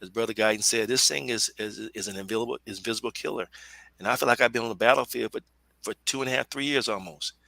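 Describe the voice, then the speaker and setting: A middle-aged man speaks on a video call in an earnest, halting voice with audible feeling. His tone is bright and forceful, a little low in pitch, and the sound is dry and close. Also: vocal fry, no echo, poor audio. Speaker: panelist. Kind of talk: personal testimony in a webinar.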